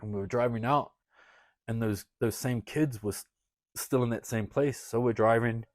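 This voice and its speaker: A wrestler guest on a podcast, telling a story casually, swearing often and laughing between lines. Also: male voice, mid-range voice, fairly even intonation, moderate pace, no room sound. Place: podcast studio.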